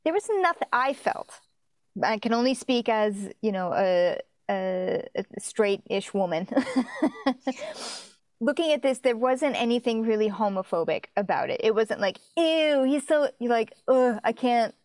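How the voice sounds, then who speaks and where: A woman with a fairly high voice talks through a TV episode in relaxed, casual chat. She jumps into quick acted-out bits of the characters' lines and laughs often. The recording is close and dry, with no room sound. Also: no room sound.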